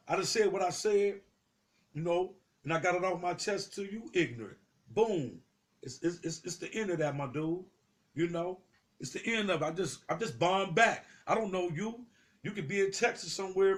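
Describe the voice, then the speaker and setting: A man's voice: high-pitched, fairly bright tone. A young man giving heated, profane street commentary, confrontational and repetitive, swearing freely.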